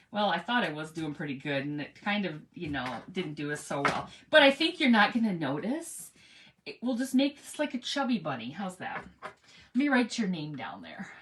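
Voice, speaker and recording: A woman's voice: fairly high pitch, a bit bright, a little hiss or hum. A woman hosting a casual craft livestream, chatting rambly and greeting viewers by name as she works. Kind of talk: casual chat while crafting.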